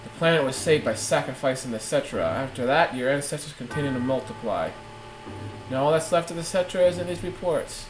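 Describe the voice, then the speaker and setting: A man reading aloud the lines of a cold, aloof male villain swordsman from a game, in a lowered voice. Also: a little fast, roomy sound, background noise, close to an everyday voice. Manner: reads game dialogue aloud in a lowered, flat voice. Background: game music.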